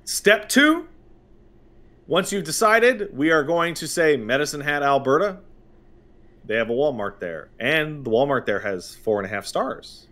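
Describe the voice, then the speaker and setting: A man from Montreal with a Canadian accent speaks a little slowly in a fairly high voice. He's a podcast host in a casual chat, telling stories in an animated, jokey way.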